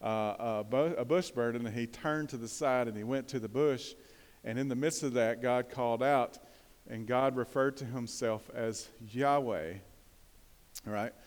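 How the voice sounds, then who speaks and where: A man's voice: medium pitch, measured pace. A man preaching a conversational sermon, putting questions to the congregation and pressing points with bursts of emphasis. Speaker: pastor. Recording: long hall reverb.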